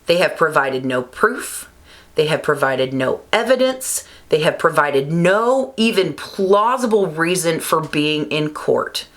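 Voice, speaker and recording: A woman's voice: lively intonation, measured pace. Angry woman ranting to camera. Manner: angry, emphatic, swearing, rising pitch when worked up. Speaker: vlogger. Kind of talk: heated political rant to camera.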